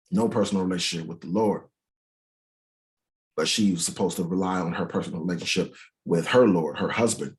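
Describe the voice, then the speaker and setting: A man with a fairly low voice teaches scripture in a loose, conversational way. He keeps asking his listeners "right?", reads passages aloud slowly, and restarts sentences while he hunts for the right word. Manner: searches for words, restarts sentences. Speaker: Bible study teacher. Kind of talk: informal Bible study teaching.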